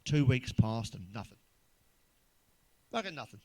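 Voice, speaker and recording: A middle-aged stand-up comedian with a darkish, medium-pitched voice talks a little slowly, in a sing-song way. His rambling set is made of crude, sweary jokes, and he keeps chuckling at the punchlines.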